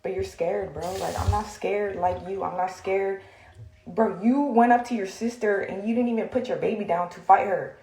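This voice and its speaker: A woman's voice: medium pitch, steady tone, moderate pace, warm tone, echoey room, rough recording. A woman venting heatedly on a livestream, confrontational and full of fillers, recorded on a phone in a room.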